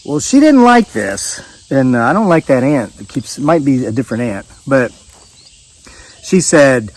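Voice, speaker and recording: Out on a rural homestead, an older vlogger sweats in the heat while telling the camera a story. He speaks at a normal pace in a fairly high, expressive voice, rambling folksily with lots of fillers and false starts. Audio quality is poor.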